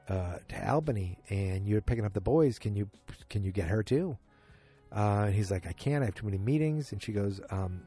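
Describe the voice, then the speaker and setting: Rambling low-voiced man recapping a show. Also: warm tone, husky. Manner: rambling, self-correcting, acts out quotes loosely. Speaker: podcast host. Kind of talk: casual solo episode recap.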